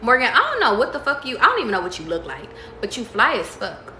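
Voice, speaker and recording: A woman reads tarot in a loose, casual way, full of slang and cursing. Her voice is bright and sharp. She breaks into excited squeals, and the room adds a noticeable echo. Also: a little high, quick pace, a little hiss or hum. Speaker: tarot reader.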